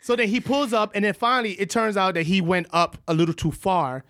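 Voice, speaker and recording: Male co-host, animated laughing storyteller, high voice, dry close mic. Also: brisk, dry recording. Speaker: podcast co-host. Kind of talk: casual storytelling chat.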